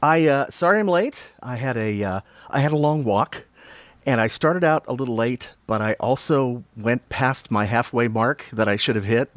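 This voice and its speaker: A man's voice: medium pitch, normal speed, dry recording. A slightly out-of-breath man hosting a casual livestream, chatting with viewers, greeting them by name and chuckling often. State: a little out of breath. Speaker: livestream autograph-signing host.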